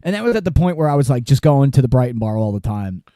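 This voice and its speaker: A man's voice: medium pitch, very animated, quick pace, mellow, no room sound, studio quality. A man hosting a podcast in casual chat, laid-back, laughing often and telling stories. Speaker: podcast host.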